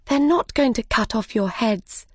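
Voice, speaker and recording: A woman voicing young Alice in a storybook reading, light, clear and unafraid. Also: a little high, normal speed, no room sound, studio quality. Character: calm, plain-spoken young girl Alice.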